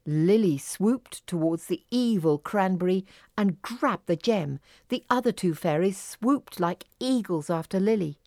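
A woman reads a children's fairy story aloud in a slow, careful way. Her voice sits a little low. The recording is close and dry. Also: animated, dark tone, no echo.

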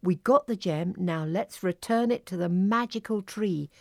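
A bossy young fairy from a storybook takes charge of her friends in a lively voice, speaking slowly and without hurry, as a woman puts her on. The sound is close and dry. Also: lowish voice, creaky, no room sound. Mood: bright.

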